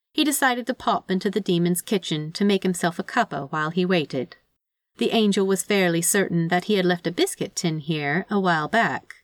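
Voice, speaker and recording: A woman narrating a fan fiction story aloud in an expressive, lively storytelling manner. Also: on the low side, no echo, studio quality. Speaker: podfic narrator.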